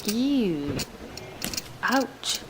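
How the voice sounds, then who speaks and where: A woman's voice: medium pitch, sing-song, extremely slow, very noisy. A woman reacting to scary video clips, with jumpy exclamations and chatty asides. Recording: music clearly playing behind.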